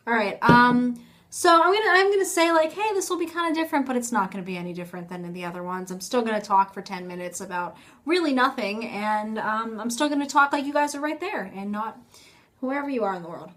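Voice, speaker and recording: A woman's voice: on the high side, expressive, a little fast, fairly bright tone. A young woman talking casually to her phone camera in a rambling, self-mocking vlog, full of fillers. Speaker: vlogger.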